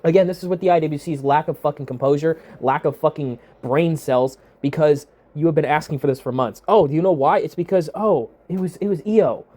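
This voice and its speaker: A man's voice: fairly high pitch, a little fast, hardly any pauses, a little mellow. A young man ranting with heated, profane exasperation as the host of a wrestling review. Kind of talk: ranting commentary.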